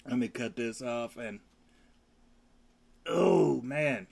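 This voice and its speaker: A man's voice: mid-range voice, gravelly, darkish tone, soft background music. A man hosting a casual livestream, talking loosely and coughing between lines. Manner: laid-back, slow and loose, sings meows and theme hums. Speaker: livestream host. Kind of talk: casual rambling livestream chat.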